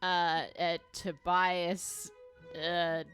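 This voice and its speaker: A woman's voice: lowish voice, completely flat delivery, very slow, fairly bright tone, faint music behind. A woman playing a character in a tabletop game, speaking hesitantly with a tongue-in-cheek tone. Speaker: player.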